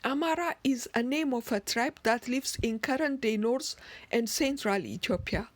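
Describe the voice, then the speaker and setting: A woman slowly explaining word origins in a lecture, deliberate, with occasional restarts. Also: on the high side, dry recording. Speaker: narrator.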